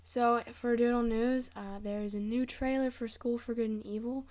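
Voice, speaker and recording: Teen girl co-host, slightly high voice, short and matter-of-fact replies. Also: fairly even intonation, normal speed, a little mellow. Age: teens. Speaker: podcast co-host. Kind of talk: casual podcast chat.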